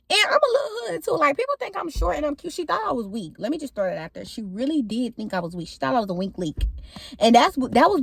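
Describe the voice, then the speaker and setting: A woman's voice: on the high side, no room sound. A young woman vlogger telling a story to camera in casual, slangy talk, swearing freely and acting out what she said.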